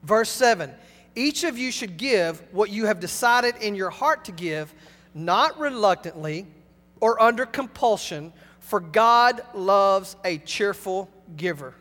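A male pastor delivering an emphatic sermon, swinging between loud and hushed. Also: sits high, expressive, slow. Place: church sanctuary. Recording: long hall reverb.

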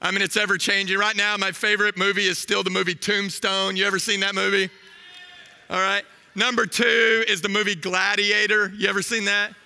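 A man in his thirties preaching a sermon, telling a story with animated energy and asking the crowd questions. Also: high voice, a little fast, in a large hall.

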